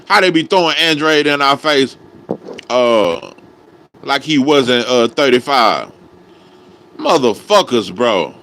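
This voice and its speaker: A man's voice: medium pitch, big pitch swings, takes it slowly, pauses often, fairly bright tone. A man doing a heated, profane reaction rant as a boxing commentator, angry and full of slang.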